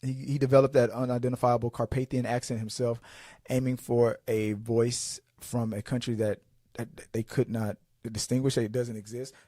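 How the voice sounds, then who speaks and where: A man hosts a casual movie podcast, chatting at a middle pitch. He rambles, restarts his sentences and stumbles through his points. His voice is dry and close, with no room sound. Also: level tone, normal speed, mellow, no echo. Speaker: podcast host.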